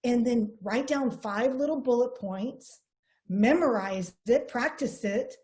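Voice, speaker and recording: A woman's voice: on the high side, slow, darkish tone. Earnest woman giving a motivational training. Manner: earnest, coaching, repeats herself. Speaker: network marketing trainer.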